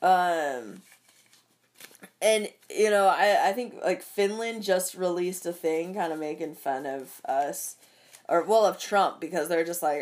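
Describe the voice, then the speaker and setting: A woman's voice: lowish voice, slow pace, darkish tone. Young woman venting, swears a lot, rambling with fillers, casual rant. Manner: profane, rambling, lots of fillers.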